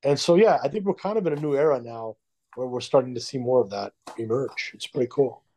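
A male comedian guest speaking in a measured, thoughtful way in casual discussion. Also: medium pitch, warm tone.

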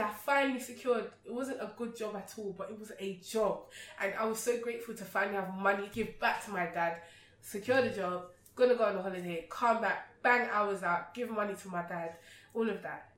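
A woman, a podcast guest telling a personal story in an outspoken, animated way. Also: mid-range voice. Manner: outspoken, animated, acts out remembered exchanges. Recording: roomy sound from a distant mic.

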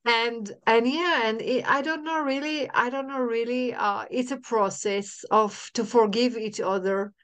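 Middle-aged woman, podcast guest; smooth voice, halting restarts, repeats herself. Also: on the high side. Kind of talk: emotional personal storytelling.

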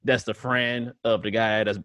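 A man's voice: fairly low pitch, level tone, a bit bright, no echo. Joking young man with dry sound. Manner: joking, quick to laugh and tease. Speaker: podcast co-host. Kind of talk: casual chat.

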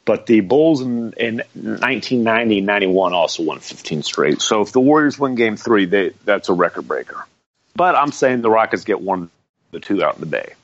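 Very deep-voiced, rambling man. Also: lively intonation, fairly quick, no room sound. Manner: rambling, jokey, lots of fillers. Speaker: podcast panelist. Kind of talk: casual podcast chat. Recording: slightly muffled dry audio.

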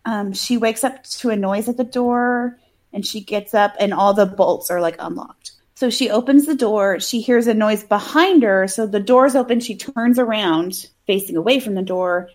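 A woman's voice: medium pitch, a little mellow. A woman casually retelling a film's plot in a podcast chat, full of "like" and "um". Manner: recaps plots with lots of "like" and "um", quick acted quotes. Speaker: podcast co-host.

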